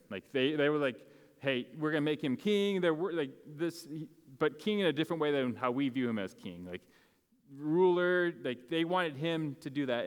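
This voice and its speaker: Man, casual sermon, smooth resonant voice, fillers and restarts, long church reverb. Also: mid-range voice. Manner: casual, conversational preaching with frequent fillers and restarts. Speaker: pastor. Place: church sanctuary.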